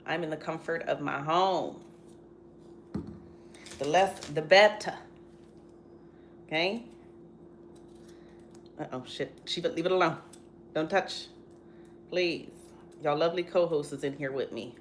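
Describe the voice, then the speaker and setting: A young woman with chats while cooking at home, with a somewhat low voice. She tells stories in a playful, animated way and acts out the other people in them. Faint noise sits behind her. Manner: playful, animated storytelling with drawn-out quoted voices. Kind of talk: casual chatty cooking vlog.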